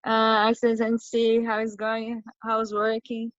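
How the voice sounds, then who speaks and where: Shy woman on a video call, pretty flat voice, dull dry audio. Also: fairly high pitch, measured pace, no room sound. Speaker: guest on a team video call.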